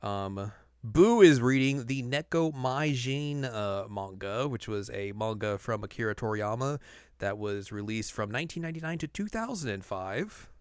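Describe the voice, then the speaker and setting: A man's voice: mid-range voice, expressive, normal speed, clear, resonant tone, no room sound, clean studio sound. A man co-hosting a podcast, casually recapping an episode in a rambling way, with lots of "uh" and "like". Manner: rambling recap with many fillers. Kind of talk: casual chat.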